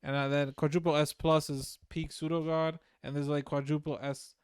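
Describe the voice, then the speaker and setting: A man's voice: on the high side, flat delivery, moderate pace, clear, resonant tone, no echo, clean studio sound. A man co-hosting a casual podcast chat about web novels, easygoing and laughing along. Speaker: podcast co-host.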